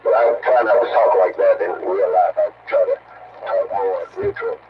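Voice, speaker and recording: A man chatting casually on CB radio in a rambling, folksy way with many fillers, heard through muffled audio with loud static. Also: low-pitched, moderate pace. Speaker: CB radio operator. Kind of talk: casual on-air radio chat.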